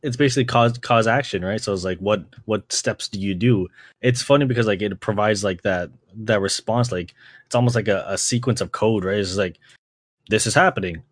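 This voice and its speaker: Laid-back young man, low voice. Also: brisk, no echo, studio quality. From Canada. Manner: laid-back, swears a lot, acts out quotes with a jump in pitch. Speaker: podcast host. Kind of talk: casual storytelling chat.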